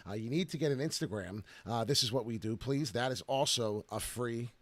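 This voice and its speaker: A man's voice: mid-range voice, fairly quick, dry recording. Hyped-up man rambling about charts. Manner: excited, rambling, many filler "uh"s. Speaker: crypto video host. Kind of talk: casual live-stream market commentary.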